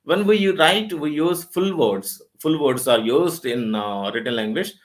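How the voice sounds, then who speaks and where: A man's voice: on the high side, expressive, measured pace. A middle-aged man with an Indian English accent giving an English lecture in a webinar, explaining step by step and repeating key points.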